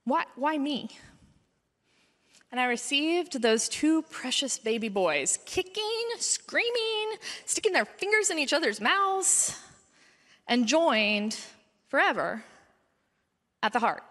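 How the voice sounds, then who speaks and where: A woman in her thirties gives a heartfelt testimony at a conference, speaking in a fairly high, bright voice. She tells her story with earnest feeling, and her voice lifts when the emotion builds. Long reverb from the large hall trails behind each phrase. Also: very animated, slow. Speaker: pediatrician speaking at a mission conference. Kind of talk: personal testimony talk.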